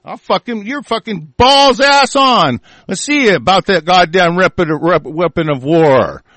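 A man's voice: high-pitched, lively intonation, measured pace, a bit bright, no echo. A man delivering an angry, profanity-laden monologue, swearing constantly and often breaking off and restarting mid-sentence.

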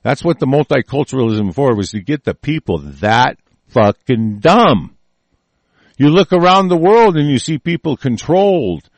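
A man's voice: mid-range voice, big pitch swings, moderate pace, no echo. A man delivering a heated, profane, rambling monologue with many restarts. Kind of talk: ranting monologue.

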